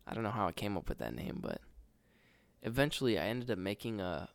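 A man with a lowish, gravelly voice rambles through a casual podcast story, slangy and full of hesitant starts. The sound is close and dry. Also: sing-song, a little fast, no room sound. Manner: laid-back, slangy, hesitant. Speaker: podcast co-host. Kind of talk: casual chat.

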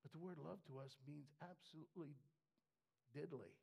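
Gravelly guy preaching slow and passionate, goes from whisper to shout, kinda high voice. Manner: impassioned, swings from hushed whispers to shouts; halting, repeats words as he builds. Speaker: pastor. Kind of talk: sermon. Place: church with a screen for the congregation.

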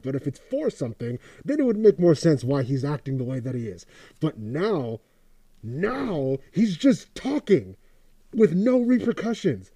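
Profane ranting young man, dark voice. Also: medium pitch, no echo. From Oakland. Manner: profane, rambling, sarcastic. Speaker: commentator. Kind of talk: casual rant.

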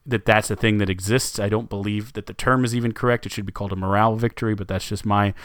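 A man's voice: on the low side, fairly even intonation, fast talker, fairly bright tone, clean tone, no echo, studio quality. A man co-hosting a sports podcast, talking casually with lots of fillers and restarts. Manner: rambling, many fillers and restarts.

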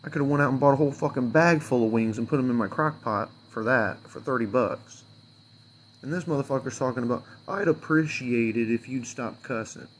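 A man's voice: mid-range voice, fast, slight background noise. A man venting as an unhappy customer in a fuming, sarcastic rant full of swearing that rambles loosely from point to point. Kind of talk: angry profane rant to camera.

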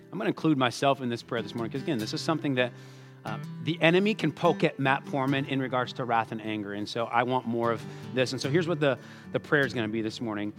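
A man preaching a sermon in a conversational way, calling his listeners folks and acting out the quotes he reads. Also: mid-range voice. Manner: conversational, addresses listeners as folks, animated quoting. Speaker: pastor.

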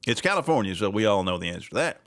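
A man's voice: on the low side, very animated, very fast, fairly bright tone, dry recording, studio quality. A man hosting a casual political commentary podcast, sarcastic and rambling, laughing often. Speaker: podcast host.

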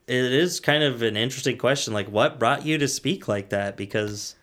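A man's voice: medium pitch, normal speed, a bit bright. A young man co-hosting a podcast in casual chat, joking, laughing often and trailing off mid-sentence. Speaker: podcast co-host.

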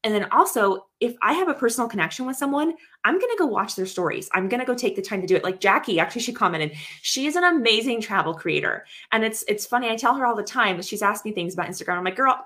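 A woman's voice: fairly high pitch, expressive, fast talker, few pauses, bright, forceful tone. A woman co-hosting a podcast in casual chat, earnest and chatty, often acting out quotes from other people. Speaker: podcast co-host.

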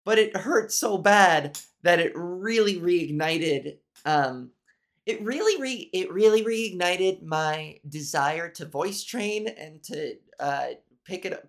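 A woman's voice: on the low side, slow, vocal fry. A woman hosting a solo podcast, talking in a nasal voice, candid and profane, rambling with restarts. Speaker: podcast host.

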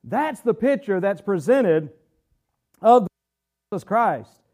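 A man with a high-pitched voice teaches a Bible study in an earnest, preaching style. He reads scripture with measured weight and drags out key phrases for emphasis. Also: sing-song, a little mellow. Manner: earnest, slows down hard to stress key phrases.

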